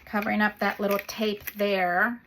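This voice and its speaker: A woman's voice: medium pitch, little pitch movement, moderate pace, background noise. A woman hosting a paper craft video, chatting casually as she works and gushing over the little details.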